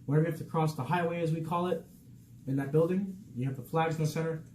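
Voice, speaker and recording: A young man and Navy sailor hosting a casual vlog, relaxed at first and then upbeat and animated, talking with friends in a barracks room. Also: a little high, quick pace. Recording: echoey room with background noise.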